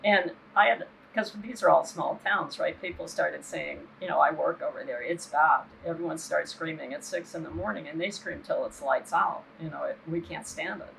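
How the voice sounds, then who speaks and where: A woman's voice: deep voice, normal speed, vocal fry, few pauses, fairly bright tone, a little hiss or hum, low-quality recording. An older woman giving an impassioned interview as a human rights activist, earnest and indignant, often checking in with "right?".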